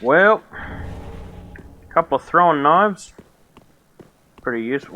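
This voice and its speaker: A man streaming a game from home who grumbles, swears and mutters his way through each attempt. His voice sits at a middle pitch and comes through a desk microphone with a faint background hiss. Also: moderate pace, fairly bright tone, lo-fi sound. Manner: exasperated, swearing, muttering to himself. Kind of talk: live gameplay commentary.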